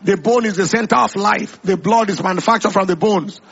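A man preaching with a high voice that has a gravelly, husky edge. He builds emphatic, repetitive lines and quotes scripture at length. The sound is dull and lo-fi, like an old radio broadcast. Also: brisk, a bit bright. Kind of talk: sermon.

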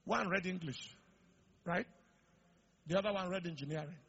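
A middle-aged man preaching a sermon, building up to shouted declarations. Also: sits high, moderate pace, husky, dull audio. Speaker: pastor.

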